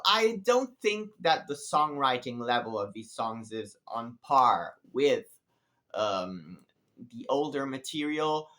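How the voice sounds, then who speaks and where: Slow, musing man reviewing a concert. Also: mid-range voice, big pitch swings, a bit bright. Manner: unhurried and musing, many pauses and restarts. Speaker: music vlogger.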